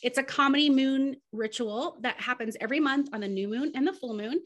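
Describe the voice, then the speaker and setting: Woman co-host, casual chat, enthusiastic, swears, a bit high. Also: a little fast, fairly bright tone, muffled recording. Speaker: podcast co-host.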